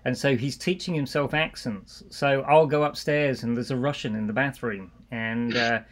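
Relaxed English man telling family anecdotes. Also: mid-range voice, normal speed. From England. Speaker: guest, marketing executive. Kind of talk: casual interview chat.

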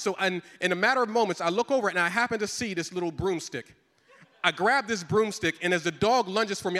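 A middle-aged man, a pastor, telling a comic story in a sermon with lively, animated delivery and lots of repetition. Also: high-pitched, in a large hall.

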